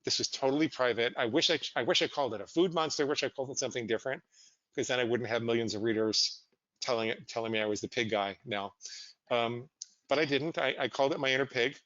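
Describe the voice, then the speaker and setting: Male psychologist guest, mid-pitched, candid and self-mocking; dry, slightly dull recording. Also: fast talker, no room sound. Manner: candid, animated, self-deprecating. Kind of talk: conversational interview storytelling.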